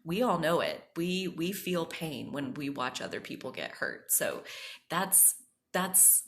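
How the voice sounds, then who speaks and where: A woman hosting a podcast, telling a personal story in a casual, animated way, often saying "like" and acting out the voices she quotes. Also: low-pitched, unhurried. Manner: animated, acts out quoted voices, frequent "like" fillers. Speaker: podcast host.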